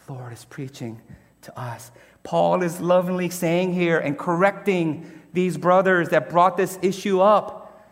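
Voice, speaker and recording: A male pastor preaching in a fairly high voice, unhurried and deliberate. He drives his points home with rhetorical questions and a conversational warmth. His voice rings with the long reverb of a church hall. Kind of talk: sermon.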